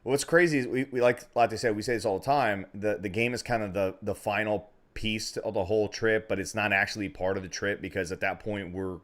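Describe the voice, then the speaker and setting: Fast-talking rowdy man. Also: on the low side, fairly even intonation, a bit bright. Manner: fast, rowdy, profane storytelling. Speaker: podcast co-host. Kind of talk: casual podcast banter.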